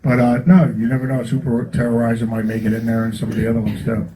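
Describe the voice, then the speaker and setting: The guest musician at a record store Q&A talks fast in a mid-range voice with little pitch movement. Amid background noise, he rambles through casual stories for the audience, packed with fillers and laughs.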